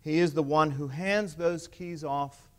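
A man delivers a sermon in a voice pitched higher than most men's. He builds to emphatic points and keeps putting rhetorical questions to his listeners. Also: unhurried. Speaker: preacher.

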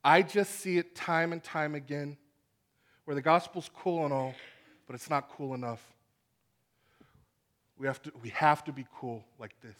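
A man preaching a sermon to a congregation, animated and acting out the voices in his stories. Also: on the high side. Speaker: pastor. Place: church hall with congregation.

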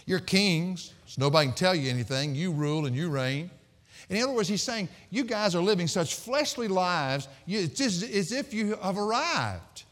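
A man's voice: sits high, animated, moderate pace, fairly bright tone, in a large hall. A man preaching a sermon as pastor, folksy and jokey, telling stories and reading scripture. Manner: folksy, jokey storytelling with laughs.

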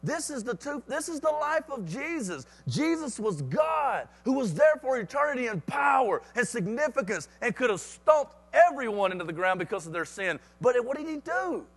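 A man's voice: very high voice, very animated, normal speed, few pauses, a bit bright, slightly rough. A man preaching a sermon with emphatic repetition and rhetorical questions.

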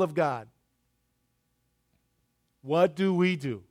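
A middle-aged man preaching a sermon, telling stories and swinging between loud emphasis and hushed asides. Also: sits high, animated, takes it slowly, long pauses. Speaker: pastor.

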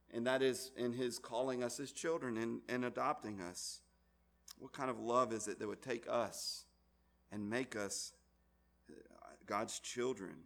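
A man's voice: medium pitch, vocal fry, a bit bright. A man preaching a sermon to a congregation, emphatic, with frequent restarts and rising exclamations. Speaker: pastor.

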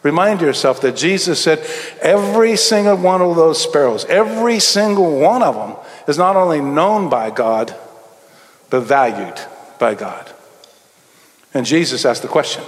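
A middle-aged man, preaching a sermon as a pastor and telling stories, moving between quick asides and slow, emphatic phrases. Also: on the high side, animated. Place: church sanctuary. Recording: long hall reverb.

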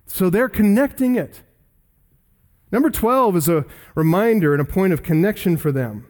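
A man's voice: high-pitched, animated, normal speed, darkish tone. Earnest man preaching an expository sermon. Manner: earnest, emphatic teaching with scripture reading. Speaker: pastor.

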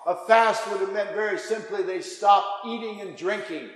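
A man preaching a sermon, impassioned, dropping to a hush and then rising again. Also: high voice, normal speed. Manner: impassioned, swings from hushed to raised. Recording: echoey hall.

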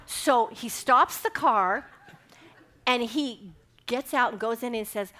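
Woman preaching with lively storytelling. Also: a little high, a little slow. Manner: animated storytelling, acting out dialogue. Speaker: speaker giving a devotional talk. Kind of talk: sermon with personal storytelling.

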